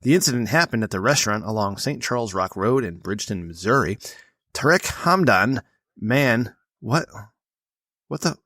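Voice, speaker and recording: A man's voice: fairly low pitch, lively intonation, brisk, fairly bright tone, no echo, studio quality. A man hosting a podcast, reading news stories aloud and cutting in with blunt, profane asides. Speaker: podcast host.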